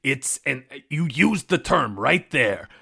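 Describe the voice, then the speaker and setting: Gravelly bright-voiced man riffing comedy. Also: medium pitch, slow pace. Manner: excitable, riffs into loud outbursts. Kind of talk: improvised comedy banter.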